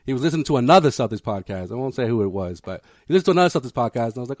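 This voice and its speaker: A man's voice: mid-range voice, lively intonation, very fast, hardly any pauses, a little mellow, dry recording, clean studio sound. A man co-hosting a sports podcast, telling a rambling story in casual chat and laughing as he goes. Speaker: podcast co-host.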